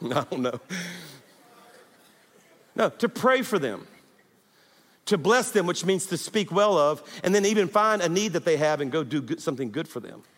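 A middle-aged male pastor with a high voice preaches an animated sermon, urging his congregation on. His voice rings with a long reverb through a large church hall. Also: normal speed.

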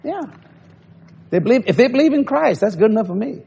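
A man's voice: extremely high pitch, expressive, brisk, vocal fry, mellow, breathy edge, muffled recording. A man preaching a sermon in a folksy, storytelling way, often breaking into laughter. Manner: laughs often between phrases.

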